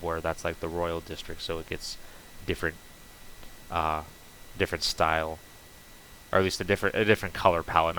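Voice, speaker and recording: Low, flat-voiced man rambling on stream. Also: gravelly, slight background noise, poor audio. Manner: rambling, loose, full of fillers and restarts. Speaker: streamer building on a game server. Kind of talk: casual rambling stream chat.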